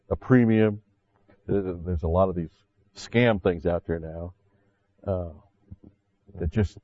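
A low-pitched man delivers a verse-by-verse sermon. He keeps it conversational, dropping in "see" and "you know", then lifts his voice emphatically on scripture quotes. The recording is dry and a little muffled. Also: slow pace, pauses often, mellow, dry recording. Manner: conversational preaching with frequent "see" and asides. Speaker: pastor.

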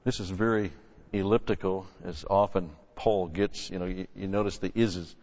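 Male pastor, low voice, emphatic teaching sermon, dull recording with long church-hall reverb. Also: fairly even intonation, normal speed. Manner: emphatic, swings between loud stresses and quiet asides. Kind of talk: expository sermon.

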